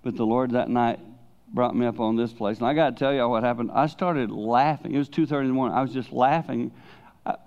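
Gravelly-voiced preacher. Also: male voice, medium pitch, brisk, highs cut off. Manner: candid, confessional, animated storytelling. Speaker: traveling preacher. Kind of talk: sermon to a youth congregation.

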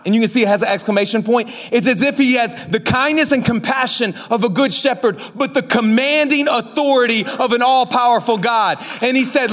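A male pastor preaching a sermon to a congregation in a church, emphatic, shifting from quiet asides to shouted commands and joking with the crowd. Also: extremely high pitch, normal speed. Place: church sanctuary before a congregation.

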